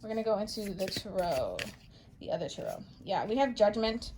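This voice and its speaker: A woman giving a casual tarot reading to camera, animated and playful, calling her viewers darling and baby, with bright bursts and low muttered asides. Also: fairly quick, noisy background. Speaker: tarot reader and channel host.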